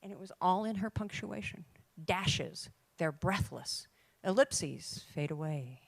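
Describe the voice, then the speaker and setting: An older woman giving an emphatic, lively talk to a room of writers, with dramatic pauses. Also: lowish voice, gravelly, no room sound. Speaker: conference speaker. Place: conference room.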